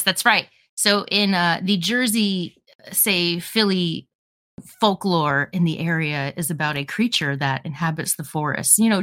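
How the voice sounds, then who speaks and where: A woman co-hosting a casual podcast, chatting enthusiastically about what to watch. Her voice sits low but swings widely, with a bright, forceful edge. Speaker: podcast co-host recommending films.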